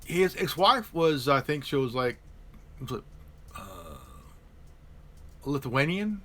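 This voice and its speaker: A man's voice: medium pitch, very animated, slow, a bit bright. A man hosting a live stream, chatting casually about politics and stumbling over repeated words and restarts.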